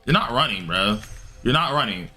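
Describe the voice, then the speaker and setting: A man streaming a game live, chatting casually with viewers and grumbling loudly at the game in an excitable way. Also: mid-range voice, normal speed, faint music behind. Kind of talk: live-stream gameplay commentary answering chat.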